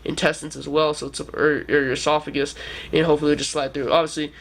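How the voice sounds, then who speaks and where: A man's voice: fairly high pitch, flat delivery, fast, gravelly, a bit bright. A man in his twenties telling a story to camera in a rambling, casual way, with lots of "like" and swearing. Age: 20s. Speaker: vlogger.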